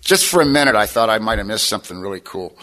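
A man's voice: lowish voice, expressive, quick pace, bright, forceful tone, slight background noise, rough recording. A middle-aged man sharing his personal testimony at a recovery meeting, plainspoken and folksy with wry humor.

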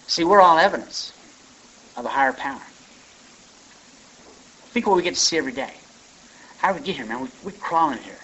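Man sharing at a recovery meeting, forceful voice, somewhat high, muffled lo-fi recording. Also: animated, fairly quick, long pauses, slightly rough. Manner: conversational storytelling, folksy asides. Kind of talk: personal share talk. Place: meeting room.

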